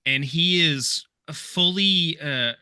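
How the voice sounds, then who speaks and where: A man playing a tabletop game, slowly and hesitantly describing his character's antics with many "um"s. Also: fairly high pitch, sharp tone, clear, resonant tone, no room sound. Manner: slow, hesitant, lots of "um". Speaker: tabletop player. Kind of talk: casual tabletop role-play.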